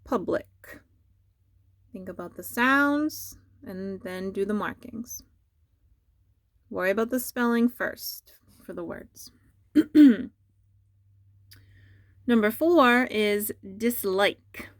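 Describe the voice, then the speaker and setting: Young woman teacher, patient, unhurried dictation, dry close sound. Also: medium pitch, lively intonation, no echo. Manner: slow, deliberate dictation with repeated words. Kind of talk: dictating a spelling test for remote students.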